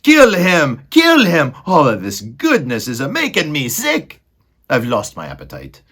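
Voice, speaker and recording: A man voicing a snobbish, greedy male rat who talks loudly with scorn, in a storybook reading. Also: on the high side, huge pitch swings, unhurried, slightly rough, pitched above the performer's own voice, heavily acted. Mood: disgusted. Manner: loud, scornful, sneering.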